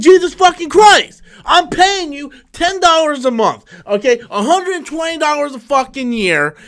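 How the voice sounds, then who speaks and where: A high-pitched man hosting a live stream, talking loosely and heatedly. He swears constantly and trips over his own restarts. His voice sits well above the usual male range. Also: a bit bright. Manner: profane, heated, swears often; many fillers and restarts, loose talk. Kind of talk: casual ranting live stream.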